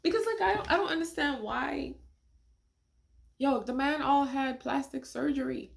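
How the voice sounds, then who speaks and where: Woman host, casual reaction commentary, slightly high voice, incredulous, laughs a lot. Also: normal speed, vocal fry. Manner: animated, incredulous, laughs often, rhetorical questions.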